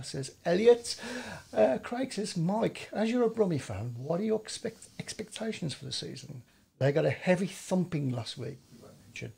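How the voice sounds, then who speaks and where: A man's voice: fairly high pitch, creaky, a little mellow, breathy edge. A man co-hosting a casual speedway chat show, joking around and reading out viewer comments. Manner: jokey, reads names out slowly.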